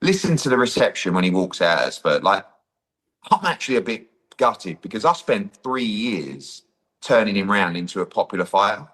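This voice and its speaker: Animated man, low voice. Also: normal speed. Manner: animated, acts out quoted dialogue, says "blah, blah, blah". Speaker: boxing promoter. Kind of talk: interview storytelling.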